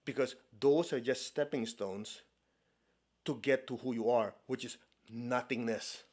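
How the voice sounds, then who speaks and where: A man's voice: mid-range voice, a little slow, darkish tone. A man from China giving a spiritual talk as a meditation teacher, conversational and playful, often checking in with his listeners. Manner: laughs often, playful asides.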